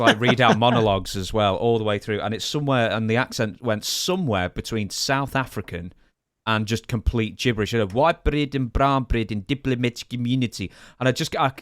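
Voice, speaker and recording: A man's voice: medium pitch, a bit bright, no echo, studio quality. A man from England with an English accent, co-hosting a casual chat and reading listener questions in a self-deprecating way. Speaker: podcast co-host.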